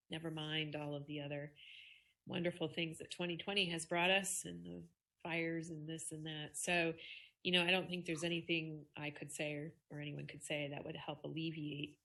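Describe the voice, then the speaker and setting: A woman with a bright, somewhat low voice hosts a live Q&A. She speaks supportively to her guests as she reads out and reframes questions. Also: fairly even intonation, normal speed. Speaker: Q&A host. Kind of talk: hosting a live Q&A.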